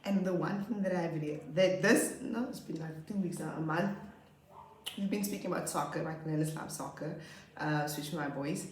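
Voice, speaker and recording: A woman in her late twenties, a primary school teacher, telling stories about her class in a chatty, expressive way. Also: low-pitched. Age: late 20s. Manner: chatty, expressive, drawn-out emphasis. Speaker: grade 2 teacher. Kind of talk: casual storytelling vlog. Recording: roomy echo.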